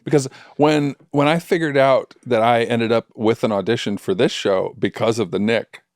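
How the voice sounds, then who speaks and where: A man's voice: medium pitch, steady tone, moderate pace, no echo. Easygoing man co-host, dry sound. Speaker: podcast co-host. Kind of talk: casual chat.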